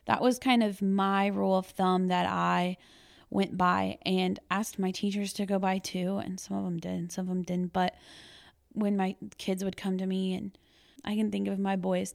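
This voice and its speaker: A woman with a gravelly, creaky edge to her voice, talking in a relaxed podcast chat. She tells stories from her years at a school and slips into the voices of the kids and of her younger self. The tone is conversational and unscripted. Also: mid-range voice, moderate pace. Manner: storytelling, acts out children's voices and her own past words. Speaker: guest, former school educator.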